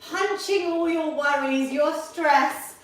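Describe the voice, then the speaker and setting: A woman's voice: high voice, slow pace. Upbeat woman leading a workout. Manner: upbeat and encouraging, counting down reps. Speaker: fitness instructor. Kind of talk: leading a live online seniors' workout class. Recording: very echoey room, voice from far off.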